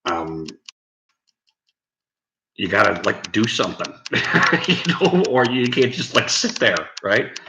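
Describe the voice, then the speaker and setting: A man's voice: fairly low pitch, sing-song, takes it slowly, pauses often. A man hosting a casual late-night live stream who chats with viewers in the comments, rambling, swearing and laughing at his own lines. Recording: echoey room, faint background noise.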